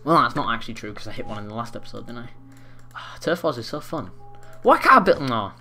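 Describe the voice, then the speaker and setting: Excitable teen gamer, swearing. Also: male voice, medium pitch, fast, soft background music. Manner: excitable, swearing, trash-talking. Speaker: gaming commentator. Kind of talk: gameplay commentary.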